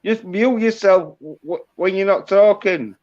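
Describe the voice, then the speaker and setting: A man with a high, somewhat dark voice talks a little slowly, chatting casually and bluntly on a livestream call, swearing as he goes. The call audio is dull and lo-fi.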